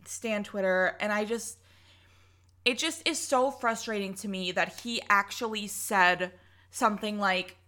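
A woman's voice: mid-range voice, unhurried, sharp tone. A young woman co-hosting a casual podcast, ranting heatedly and swearing often. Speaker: podcast co-host.

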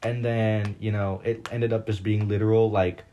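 A man co-hosting a casual podcast chat, telling stories in a rambling, excitable way full of fillers. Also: on the low side, normal speed, dull audio, slight background noise. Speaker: podcast co-host.

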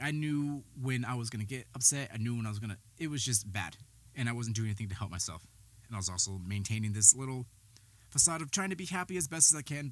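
A man's voice: medium pitch, a bit bright, dry recording. Man, podcast host, candid storytelling, rambling, swears a lot, a bit breathless, dry sound. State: slightly out of breath. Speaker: behavioral health worker. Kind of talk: personal storytelling.

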